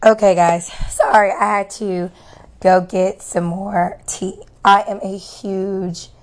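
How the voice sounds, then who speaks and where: A woman with a hoarse, worn voice, giving casual faith-based encouragement to viewers and repeating her key lines for emphasis. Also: medium pitch, flat delivery, slow. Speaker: faith-based motivational speaker.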